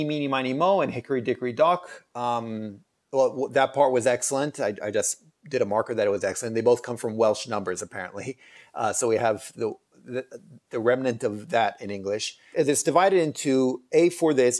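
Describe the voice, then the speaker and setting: A man's voice: mid-range voice, a little mellow. A man hosting a casual book review video, talking in a rambling, hesitant way with many fillers and restarts. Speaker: channel host reviewing books.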